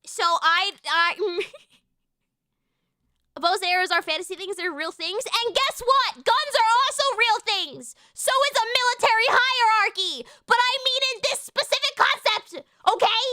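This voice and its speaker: Loud, very high-voiced young woman streamer. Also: dry recording, studio quality. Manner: loud and passionate, quick to get heated. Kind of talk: casual live-stream chat.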